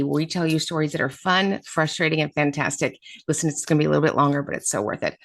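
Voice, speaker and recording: This is a woman hosting a casual storytelling podcast, with a low voice and plenty of gravel in it. She talks straight and emphatic, pressing each point home. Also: fast, few pauses, no room sound. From Florida. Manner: direct, emphatic straight talk. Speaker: podcast host and special education advocate.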